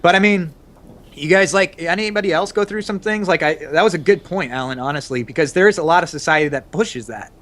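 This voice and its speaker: A young man and father of two, chatting casually on an online call in a halting way, thinking aloud with frequent restarts. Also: on the high side, a bit bright. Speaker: podcast co-host, father of two. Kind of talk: casual group chat over a voice call. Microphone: computer mic on an online call.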